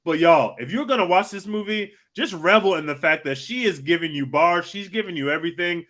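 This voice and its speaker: Bright, animated man reviewing a movie. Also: high voice, a little fast. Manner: animated, emphatic storyteller. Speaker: podcast co-host. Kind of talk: casual movie review chat.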